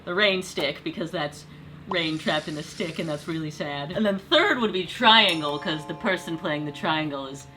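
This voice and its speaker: A woman's voice: deep voice, normal speed, bright, forceful tone. A woman hosting a music video, talking through a song arrangement in a casual, playful way and jumping from idea to idea. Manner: chatty, playful, jumps between ideas. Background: music playing under the voice.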